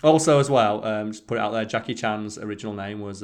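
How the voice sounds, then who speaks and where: A man's voice: lowish voice, quick pace. A man co-hosting a podcast, chatting casually, swearing freely and telling rambling stories. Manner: rambling storyteller, swears freely, mimics people in quotes. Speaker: podcast co-host. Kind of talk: casual chat.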